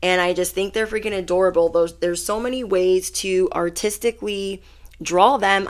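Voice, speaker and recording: A woman's voice: medium pitch, fairly even intonation, moderate pace. A woman doing a tarot reading in a casual, chatty way, full of slang and encouragement for her viewers. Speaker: tarot reader. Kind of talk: casual pick-a-card chat.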